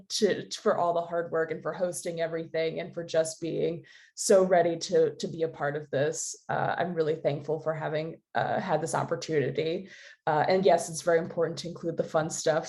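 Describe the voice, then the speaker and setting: A woman with a slightly low voice speaks cheerfully and warmly about her team in a video call, sounding relaxed and grateful. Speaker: programs and operations specialist. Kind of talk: closing remarks on a video call.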